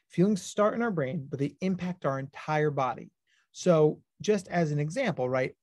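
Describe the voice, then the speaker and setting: A man presenting an educational webinar as a clinical psychologist, talking with high energy. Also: a little mellow, no echo, studio quality.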